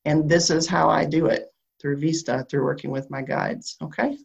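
Southern woman guiding a gravelly meditation. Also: low-pitched, fairly even intonation, dull audio. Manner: slow, soothing guidance with long pauses. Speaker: shamanic practitioner leading a group. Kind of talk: guided meditation and spiritual talk.

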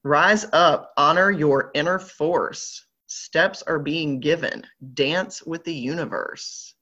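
A spiritual group leader with a Southern American accent reads oracle cards aloud live online, her low voice slow, pushed and bright. She keeps things upbeat and playful on slightly dull lo-fi audio.

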